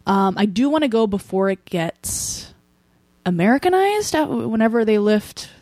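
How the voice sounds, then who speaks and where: A woman's voice: a little high, lively intonation, a little mellow, no room sound, clean studio sound. A young American woman, a comedian guest, chatting casually with lots of ums and likes. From United States. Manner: chatty, quick bursts with frequent ums and likes. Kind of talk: casual podcast interview.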